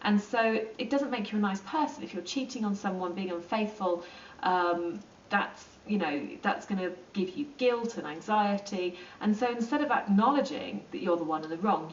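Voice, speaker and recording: A woman explaining psychology in a relaxed, chatty lesson, with plenty of ums and acted-out asides. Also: medium pitch, moderate pace, a little hiss or hum. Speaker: psychology teacher. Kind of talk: informal lesson explaining to camera. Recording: roomy, distant and dull.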